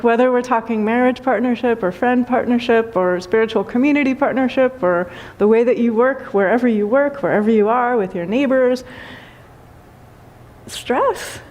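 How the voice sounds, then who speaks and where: Laughing spiritual teacher, a woman. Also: on the high side. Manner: laughs often while telling a story, warm and playful. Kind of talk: spiritual talk.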